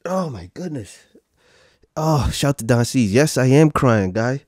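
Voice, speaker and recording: A man's voice: mid-range voice, animated, measured pace, darkish tone, no echo, studio quality. A man hosting a podcast, reacting to clips with profane, boastful casual commentary and frequent laughter. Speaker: podcast host.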